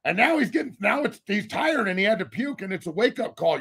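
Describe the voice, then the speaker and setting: A man's voice: high voice, very animated, a little fast, creaky, a bit bright, husky. A man talking football on a podcast as a guest, blunt and full of profanity. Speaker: guest, former football player. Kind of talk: casual podcast debate.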